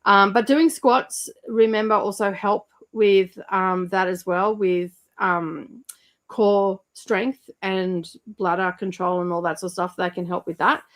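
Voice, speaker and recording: A woman's voice: medium pitch, steady tone, unhurried. A woman hosting a livestream, chatting casually and rambling with lots of fillers while she reads viewer comments. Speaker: livestream host.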